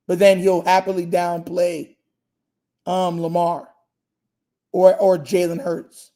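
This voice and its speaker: Emphatic young man with a dark, flat voice. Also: high voice, slow pace, pauses often. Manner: emphatic, repeats phrases, slangy. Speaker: host of a fan live stream. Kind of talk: casual live reaction chat.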